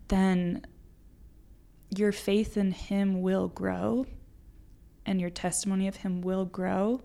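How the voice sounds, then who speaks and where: A woman's voice: on the low side, flat delivery, takes it slowly, gravelly, warm tone. A woman guest on a podcast, talking earnestly and emotionally about her faith, getting choked up at times. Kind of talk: heartfelt faith conversation.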